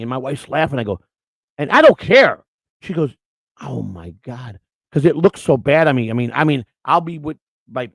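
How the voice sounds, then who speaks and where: Outspoken male co-host, fast and gravelly, spinning casual stories. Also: medium pitch, dry recording. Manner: loud, outspoken, animated storyteller. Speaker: morning show co-host. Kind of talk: casual storytelling chat.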